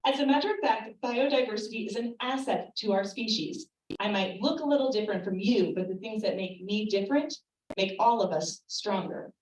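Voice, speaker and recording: A woman playing a calm, earnest male moth who stands apart from the others, in an echoey room. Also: mid-range voice, brisk, far from the mic, natural voice.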